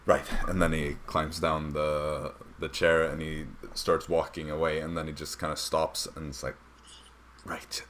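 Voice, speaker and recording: Deep-voiced young man running a tabletop game. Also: level tone, a bit bright, a little hiss or hum. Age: young adult. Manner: rambling, halting, with many fillers. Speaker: dungeon master.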